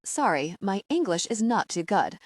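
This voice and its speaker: A woman's voice: medium pitch, very animated, moderate pace, no echo, clean studio sound. Woman doing a charming french guy with a french accent, polite, audiobook. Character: young French male doctor, polite and charming.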